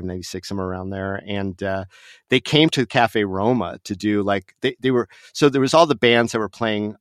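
A man's voice: deep voice, dry recording, studio quality. A middle-aged man from Las Vegas, a podcast guest telling an anecdote in casual chat, laughing often and acting out the voices of others. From Las Vegas, USA.

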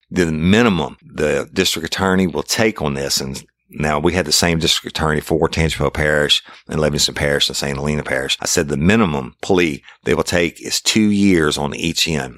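A man's voice: very deep voice, fairly quick, fairly bright tone, no room sound, studio quality. A middle-aged man telling a blunt, profane police story in a casual way. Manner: profane, blunt, acts out his own confrontations.

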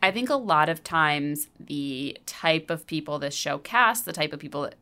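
A woman's voice: low voice, lively intonation, normal speed, bright, forceful tone. A woman co-hosting a podcast in casual chat, rambling and swearing with lots of "like" fillers. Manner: chatty, profane, lots of filler "like". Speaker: podcast co-host.

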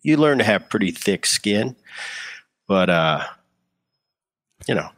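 Speaking slowly in a fairly low voice, a former ballplayer tells stories as an interview guest, relaxed and casual, often restarting his sentences. There's no room sound.

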